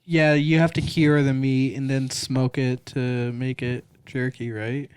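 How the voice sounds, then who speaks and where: A man's voice: mid-range voice, flat delivery, a little slow, a little mellow, clean tone. A young man chatting casually on a podcast with his friends. He keeps asking curious questions in an ordinary mid-range voice. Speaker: podcast co-host. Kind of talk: casual chat among friends.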